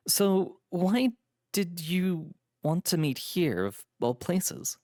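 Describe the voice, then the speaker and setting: A man's voice: high voice, expressive, takes it slowly, mellow, dry recording, studio quality, pitched above the performer's own voice. A man doing a sly, smirking trickster. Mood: breezy. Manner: mock-polite, teasing. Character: sly smirking male trickster, young adult.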